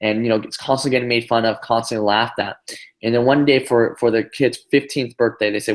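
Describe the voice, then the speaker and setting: On a group call, a business trainer with an ordinary mid-range male voice tells a long motivational story with lots of animation. Fillers and quick tag questions keep his telling rolling.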